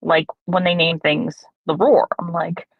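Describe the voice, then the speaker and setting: Low raspy gal gabbing on a game stream, dry dull audio. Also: female voice, unhurried, dry recording. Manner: chatty, self-mocking, animated storyteller. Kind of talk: casual gaming chat.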